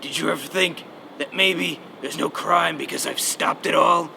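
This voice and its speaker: A man growling as a gravelly self-serious costumed vigilante. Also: on the high side, steady tone, moderate pace. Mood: indignant. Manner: grim, self-serious and easily irritated. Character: brooding male costumed campus vigilante, gravelly. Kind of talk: comedy sketch acting. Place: outdoors at night. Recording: noisy outdoor recording.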